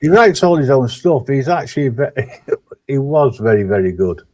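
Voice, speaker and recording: A man's voice: medium pitch, sing-song, normal speed, darkish tone, no room sound. Laid-back teasing male streamer. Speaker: stream co-host. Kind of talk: casual chat.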